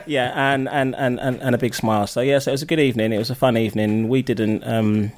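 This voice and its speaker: A man's voice: medium pitch, fairly even intonation, quick pace, a little mellow. A man co-hosting a podcast, recounting an evening in hesitant casual chat with many restarts. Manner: hesitant, full of restarts and laughter. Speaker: podcast co-host.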